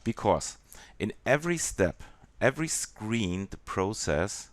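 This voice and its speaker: A man with a German accent walking through a software tutorial in a halting way, with many pauses and fillers. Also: lowish voice, big pitch swings, dry recording. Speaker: software demonstrator.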